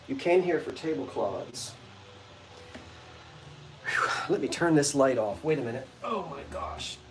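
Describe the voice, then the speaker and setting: A man hosting a casual livestream sale of vintage goods from his front porch, chatting playfully with viewers and greeting them by name. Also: medium pitch. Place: front porch of an old bungalow.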